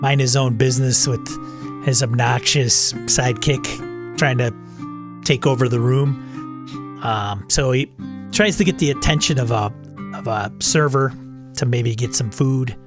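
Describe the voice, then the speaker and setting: A man playing a tabletop game, speaking casually in a hesitant, halting way. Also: medium pitch, music in the background. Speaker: player.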